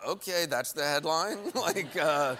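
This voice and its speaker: A man's voice: a little high, animated, a little slow, bright, forceful tone, a little hiss or hum. A man, a news anchor, chatting as a talk show guest, laughing often and restarting his sentences. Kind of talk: casual interview chat.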